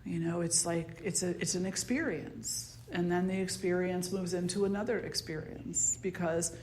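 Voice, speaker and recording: Soft-spoken woman teacher with a Jersey accent. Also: on the low side, fairly even intonation, moderate pace, slight background noise. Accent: New Jersey. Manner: conversational, soft-spoken, plays the ego in quoted asides. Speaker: spiritual teacher. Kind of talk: dharma talk to a circle. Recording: roomy echo.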